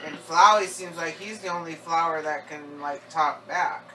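A woman chatting along with a game, thinking out loud in a hesitant, thoughtful way. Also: low-pitched, normal speed. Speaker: co-player. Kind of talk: casual game chat.

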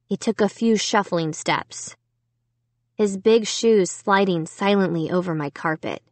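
A woman's voice: medium pitch, unhurried, no echo. A woman narrating a children's horror book in the first person, reading steadily and with suspense. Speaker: audiobook narrator.

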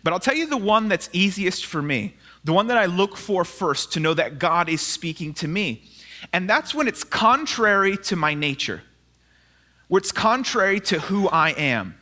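A male pastor giving a conversational sermon in a church, animated and telling personal stories with asides. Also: sits high, moderate pace. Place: church sanctuary, live sermon.

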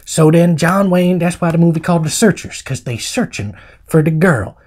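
A man's voice: a little high, animated, normal speed, a little mellow, a little hiss or hum. Rambling, slangy male movie reviewer. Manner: rambling, slangy, jokey vernacular.

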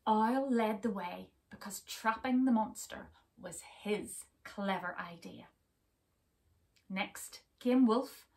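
A woman reads a story to children at a slow, careful pace, in a fairly high voice. She is expressive and often drops to a hush. She sounds a little off-mic. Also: vocal fry, recorded from a distance. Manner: expressive, with hushed whispers and asides to children. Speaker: teacher reading a story. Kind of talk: interactive children's story reading.

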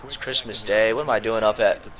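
A young man with a sore throat giving slangy, excitable commentary over his own old football video game match. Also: lowish voice, brisk. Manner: excitable, slangy, jumps between play-by-play and rants. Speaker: gaming YouTuber. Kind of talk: gameplay commentary.

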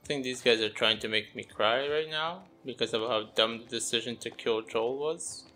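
A man's voice: mid-range voice, normal speed, sharp tone, faint music behind. A young man doing gameplay commentary, groaning and muttering his exasperated reactions. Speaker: gameplay streamer.

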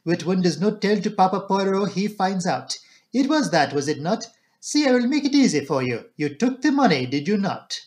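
A man's voice: high-pitched, big pitch swings, normal speed, darkish tone, voice pushed up. A man voicing a shrewd, fussy older Belgian male detective who talks precisely and drops in French phrases. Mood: coaxing.

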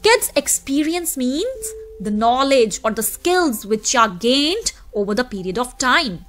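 Woman teacher walking kids through a story lesson, high lively voice. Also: a little slow, faint music behind. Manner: patient explaining, addressing kids. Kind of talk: explaining a story lesson to students.

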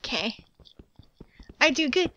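A woman's voice: high-pitched, very animated, slow pace, heavy background noise. A woman chatting casually while playing a video game, giggling often. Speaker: game streamer. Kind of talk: casual gaming chat.

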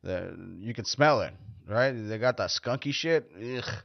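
A man's voice: on the low side, animated, measured pace, gravelly, no room sound. A man hosting his own show, talking in a casual, rambling monologue that is blunt, profane and joking. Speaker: podcast host. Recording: dull, dry lo-fi recording.

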